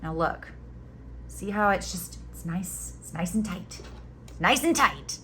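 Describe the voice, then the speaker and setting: A woman's voice: on the low side, fairly even intonation, measured pace, slight background noise. Chatty woman with a light Southern accent. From Florida Panhandle, US. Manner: chatty, joking asides, guides step by step. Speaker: crochet instructor. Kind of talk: casual crochet tutorial.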